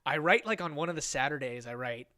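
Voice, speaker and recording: A young man in his twenties tells a story on a podcast with a slightly high voice. He is animated and swears freely, and he acts out the other people's lines as he goes. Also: quick pace. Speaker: podcast guest. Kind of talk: casual storytelling.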